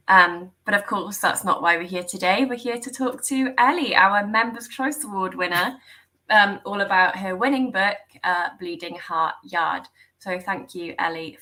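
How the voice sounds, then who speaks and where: A woman's voice: on the low side, sharp tone, rough recording. A woman hosting a live online Q&A on a video call, friendly, with lots of ums and laughs. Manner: friendly, frequent ums, giggly. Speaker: host.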